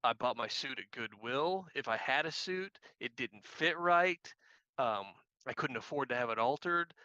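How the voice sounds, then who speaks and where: A man's voice: medium pitch, expressive, moderate pace, sharp tone, no echo, muffled recording. A man, a guest activist trainer, telling casual self-deprecating anecdotes and repeating phrases for emphasis. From Missouri. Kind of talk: casual storytelling.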